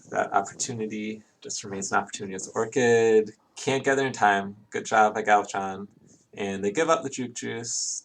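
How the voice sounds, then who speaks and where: A man's voice: lowish voice, creaky, fairly bright tone. A man doing live play-by-play commentary on an online game, chatting casually between plays. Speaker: esports commentator.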